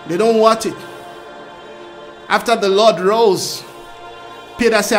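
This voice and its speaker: A man preaching a fervent sermon and leading intercessory prayer, repeating phrases and breaking into shouts and sung lines. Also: sits high, slow pace, long pauses, soft background music. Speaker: pastor.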